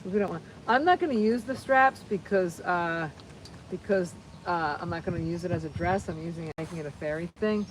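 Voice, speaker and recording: A woman's voice: lowish voice, a little fast, a little hiss or hum, poor audio. A woman hosting a live crafting session, chatting cheerfully to viewers as she works and often repeating herself. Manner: cheerful, rambling, repeats phrases, talks to viewers while working.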